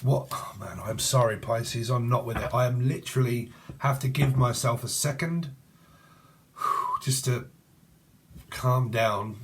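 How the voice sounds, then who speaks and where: Male tarot reader, mid pitch, rambling and profane, casual delivery. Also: measured pace, a little hiss or hum. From England. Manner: swears freely and rambles, chatty and blunt. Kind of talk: casual tarot reading to camera.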